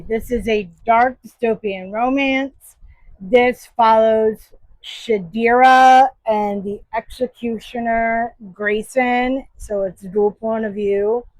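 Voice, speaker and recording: A woman's voice: a little high, no room sound, poor audio. A woman book vlogger casually reviewing her monthly reads, enthusiastic and emphatic.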